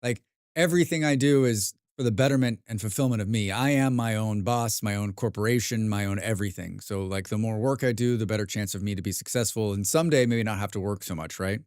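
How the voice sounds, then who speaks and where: A man's voice: fairly low pitch, quick pace, darkish tone, clear, resonant tone, no echo, clean studio sound. Rambling, profane American man streamer. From United States. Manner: rambling, profane, self-mocking. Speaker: game streamer. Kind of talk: casual chat while streaming.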